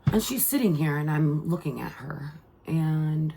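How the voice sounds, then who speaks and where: A husky, lower-pitched middle-aged woman talks straight to her viewers in a casual vlog. She rambles heartfelt and unpolished, circling back with "like" and restarting her sentences. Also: lively intonation, measured pace, mellow. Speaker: mother and vlogger.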